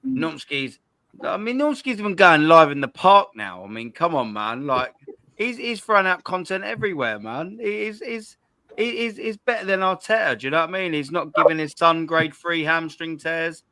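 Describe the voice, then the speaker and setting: A man's voice: fairly high pitch, sing-song, moderate pace, sharp tone, dry recording. A young man hosting a football call-in show, chatting casually in slang with lots of restarts. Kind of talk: casual chat.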